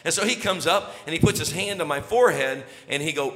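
A man's voice: a little high, fast, hardly any pauses. A middle-aged pastor who tells funny family stories and acts out each scene before starting his sermon. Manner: animated, jokey, acts out scenes. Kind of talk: storytelling sermon intro. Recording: echoey hall reverb.

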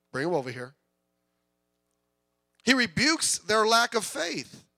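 A middle-aged male pastor preaching with a high, bright voice. His delivery mixes easy, joking asides with rising bursts of intensity. The sound is dry and close, with little room echo. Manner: conversational preaching with humor and swells of intensity. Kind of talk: sermon.

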